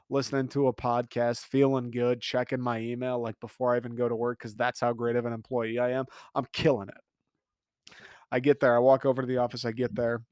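A man's voice: medium pitch, clean tone, no room sound, studio quality. Profane young man telling a story. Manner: animated, profane, self-mocking storytelling. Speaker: podcast host. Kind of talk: casual storytelling monologue.

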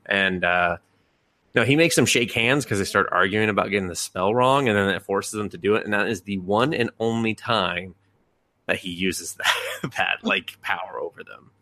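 A man's voice: on the low side, normal speed, bright, forceful tone, no echo. Rambling, swearing podcast guy. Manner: rambling, filler-heavy and profane. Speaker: podcast host. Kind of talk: casual chat.

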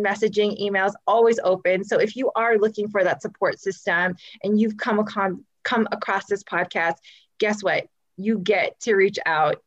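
A woman hosting a podcast, talking in an effusive, animated, slangy way in casual chat. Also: mid-range voice, dull audio. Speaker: podcast host.

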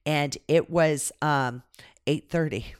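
A woman's voice: sits low, takes it slowly, smooth, dry recording. Woman telling a story animatedly, dry mic. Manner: animated, dramatic retelling with frequent swearing. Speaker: podcast guest. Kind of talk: casual storytelling.

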